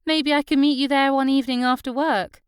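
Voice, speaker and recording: A woman's voice: high voice, steady tone, fairly quick, no echo, studio quality, pitched above the performer's own voice, lightly acted. A woman voicing a small, cheerful young wife who is chatty and teasing, with a Northumbrian accent.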